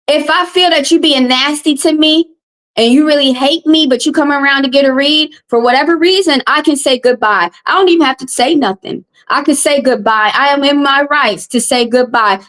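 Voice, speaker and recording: A woman's voice: high voice, a bit bright. Upset woman tarot reader ranting on stream. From American South. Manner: upset, confrontational, repetitive. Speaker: tarot reader and livestream host. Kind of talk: heated live-stream rant.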